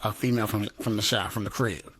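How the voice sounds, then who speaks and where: A man's voice: fairly low pitch, fairly even intonation, fast, a bit bright, slightly rough. A man hosting an interview, laid-back and curious, joking around in casual chat. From DMV area, USA. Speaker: interview host.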